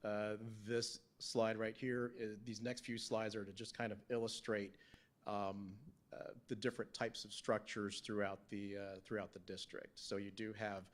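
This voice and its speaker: A man on the town staff presenting slides at a council work session, halting, with many fillers and restarts. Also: fairly low pitch, level tone. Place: council meeting room.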